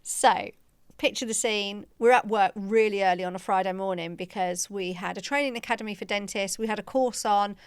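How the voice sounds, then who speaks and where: A woman's voice: mid-range voice, brisk, clear, resonant tone, no room sound. A woman podcast co-host and practice manager, telling a story in casual chat and acting out the quoted dialogue with laughter.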